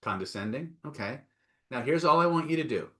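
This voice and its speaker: A fairly bright, animated medium-pitched male voice, a little fast. He's teaching self-help live online, urging listeners on with emphasis, constantly checking in with "right?" and "okay?", and voicing what people type in the chat.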